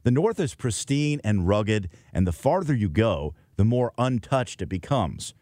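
A man's voice: on the low side, sing-song, dark tone, no echo, clean studio sound. A middle-aged man hosting a scripted radio segment, reflective and lyrical in manner. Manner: wistful, measured, lyrical. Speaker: host.

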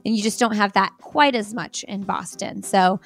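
A woman's voice: medium pitch, fairly even intonation, moderate pace, creaky, soft background music. A woman guest on a podcast, chatting casually and laughing often, with many fillers. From United States. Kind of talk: casual interview chat.

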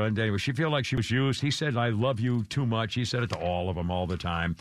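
An older man hosts a casual talk radio show, rambling through gossip with wry, self-deprecating humor. His voice is lowish and his pace quick, with hardly any pauses.

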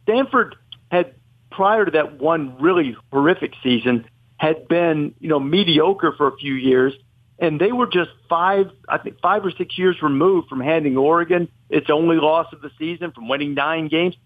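A man's voice: a little high, moderate pace, no echo. A man debating college football as a podcast guest, rambling and correcting himself as he argues his point. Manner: rambling, self-correcting, opinionated. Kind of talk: casual sports debate. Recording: tinny phone-like line.

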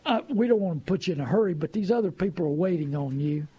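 Guy putting on a fast-talking pushy car salesman, husky voice, kinda high. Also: lo-fi sound. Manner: flattering, pushy sales patter.

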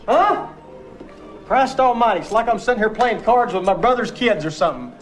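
An actor playing a hot-tempered gambler who talks in a loud, cursing, blustery way. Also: male voice, high voice, lively intonation, brisk, soft background music. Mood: blustering.

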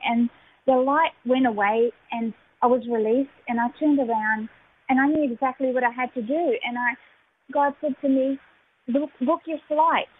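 Woman, radio guest, personal testimony, halting and emotional, somewhat high voice, tinny phone line. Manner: halting, emotional storytelling with many fillers.

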